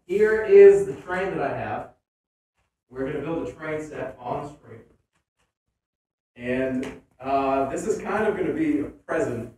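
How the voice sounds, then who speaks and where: A man streaming casually, building a toy train set, swearing and breaking into sudden loud outbursts. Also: a little high, recorded from a distance, a little hiss or hum. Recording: echoey room.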